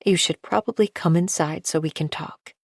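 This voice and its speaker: Folksy teary aunt type, low voice, says honey and sweetie a lot, read by a woman narrator. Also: moderate pace, gravelly, a little mellow, no room sound, clean studio sound. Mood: tearful. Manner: calls people honey and sweetie. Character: emotional middle-aged woman, folksy and tearful.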